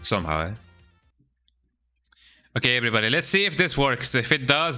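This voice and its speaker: This game streamer has a medium-pitched, smooth voice that's bright and forceful, very animated at a moderate pace but broken by long pauses. Faint music plays behind his casual chat as he mutters through setup steps, frequently ending with "eh?".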